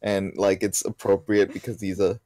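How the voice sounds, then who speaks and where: Halting male podcast co-host. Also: low voice, flat delivery, mellow, no echo. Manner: halting, many restarts and "like" fillers. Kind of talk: casual chat recapping a cartoon.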